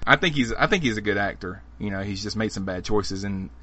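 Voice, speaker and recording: Male podcast host, low-pitched but bright and forceful, loose and chatty. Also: fairly quick. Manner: rambling, laughs easily. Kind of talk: casual chat.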